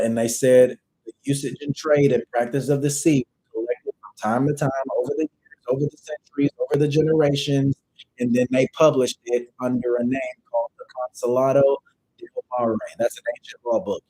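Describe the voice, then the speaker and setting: A man's voice: mid-range voice, fairly even intonation, a little fast, dark tone, breathy edge, low-quality recording. A man teaching a livestream class in a loose, conversational way, reading definitions aloud and repeating phrases for emphasis. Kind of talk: casual lecture reading from dictionaries.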